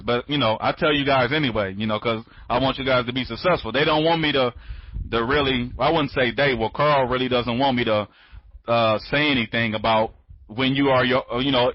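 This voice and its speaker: A man's voice: medium pitch, dry recording. Sleepy, rambling man on lo-fi audio. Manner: rambling, repeats himself, many restarts; talks fast when excited. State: sleepy, tired. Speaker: online training conference host. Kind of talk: casual live webinar talk. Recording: dry, dull lo-fi audio.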